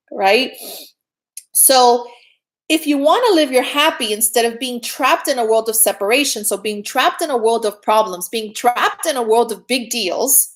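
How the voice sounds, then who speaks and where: A woman's slightly higher voice carries this relaxed spiritual talk. She sounds middle-aged, earnest and conversational, and keeps checking in with her listeners. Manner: earnest, chatty, often adds "right?". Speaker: spiritual teacher. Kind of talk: casual spiritual talk to viewers.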